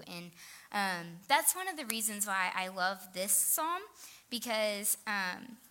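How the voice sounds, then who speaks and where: A woman's voice: medium pitch, sharp tone. A woman telling a self-deprecating story in a casual sermon, saying "like" often. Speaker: teacher and speaker.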